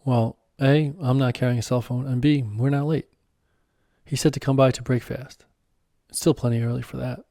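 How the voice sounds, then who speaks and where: Serene wise guide, unhurried and gently teasing, read by a man, warm low tone, dry sound. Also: fairly even intonation, dry recording, close to an everyday voice. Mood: calm. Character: calm wise male mentor and guide.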